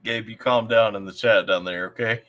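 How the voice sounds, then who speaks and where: Bright laughing livestream host. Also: male voice, lowish voice, steady tone, normal speed. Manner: laid-back, laughing, teasing. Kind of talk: casual chat.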